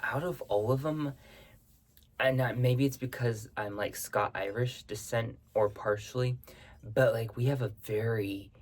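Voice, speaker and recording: A man's voice: mid-range voice, measured pace. Rambling man in a casual vlog. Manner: rambling, circling back to rephrase. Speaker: vlogger answering viewer questions. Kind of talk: casual spiritual chat.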